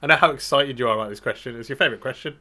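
Casting: male co-host, bright tone, playful banter. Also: medium pitch, very fast. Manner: joking, playful banter with frequent laughs. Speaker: podcast co-host. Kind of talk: casual chat.

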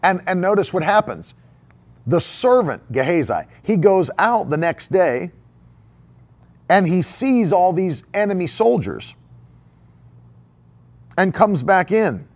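A man's voice: sits high, big pitch swings, takes it slowly, long pauses. A male preacher delivering a sermon emphatically, repeating key phrases and posing rhetorical questions to the congregation.

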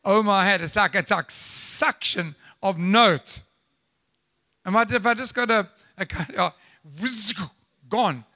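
A man preaching a live church sermon, animated and conversational, with frequent asides and rhetorical questions to the congregation. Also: sits high, measured pace. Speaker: pastor. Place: church service.

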